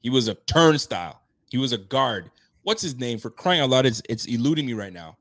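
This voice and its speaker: A man hosting a casual sports podcast, animated and laughing, getting loud for emphasis. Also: medium pitch, brisk. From Haitian roots. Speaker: podcast host.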